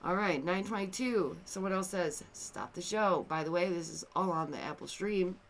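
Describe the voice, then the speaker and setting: A woman hosting a casual commentary video, animated and exasperated, swinging between loud outbursts and quiet, somber asides. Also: lowish voice, normal speed.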